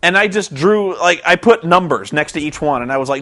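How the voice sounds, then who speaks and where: A man's voice: on the high side, lively intonation, fairly quick, fairly bright tone. A young man vlogging about a wrestling show, exasperated and sarcastic, rambling with restarts. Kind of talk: casual ranting commentary.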